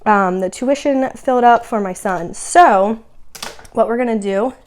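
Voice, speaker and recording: A woman's voice: a little high, measured pace. Slightly winded upbeat woman vlogger. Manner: upbeat and chatty, with frequent "um" fillers. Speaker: budgeting channel host. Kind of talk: casual vlog chat.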